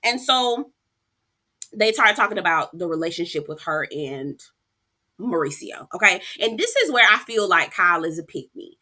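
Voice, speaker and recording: A woman giving a sassy, animated recap of a reality TV episode, talking straight to her viewers. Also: lowish voice, moderate pace. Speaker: reality TV reviewer. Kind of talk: casual recap commentary.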